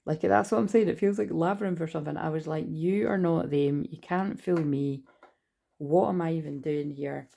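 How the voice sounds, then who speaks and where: Brief: gravelly-voiced woman, tarot reader, loose and rambling delivery, faint hiss underneath. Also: on the low side, dark tone. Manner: rambling, swears freely, lists card meanings. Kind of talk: casual spoken tarot reading.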